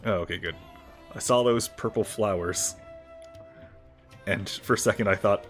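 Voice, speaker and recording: A man's voice: fairly low pitch, normal speed, long pauses, faint music behind. A man streaming a video game, joking around and reading the dialogue aloud. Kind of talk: casual gameplay commentary.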